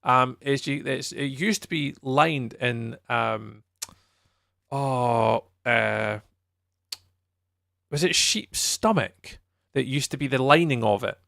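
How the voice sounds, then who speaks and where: A man's voice: mid-range voice, slow, vocal fry, long pauses, a bit bright, no room sound, studio quality. A Scottish man streaming a game live, chatting casually with viewers in a rambling way and laughing easily. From Scotland. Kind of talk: casual chat while playing a game live.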